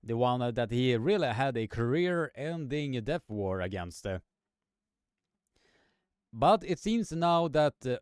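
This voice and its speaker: A man giving live arm wrestling commentary. He talks in a halting way, full of fillers and restarts, and climbs in pitch when the action heats up. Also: lively intonation, a little mellow, clean tone, no echo, studio quality. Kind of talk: live sports commentary with chat.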